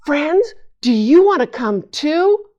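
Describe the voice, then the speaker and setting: An eager young boy puppet, played by a woman, in a children's lesson. His raised voice swings widely as he gasps with wonder, speaking slowly and carefully. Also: sits high, lo-fi sound, exaggerated voice. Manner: excited, gasping with wonder.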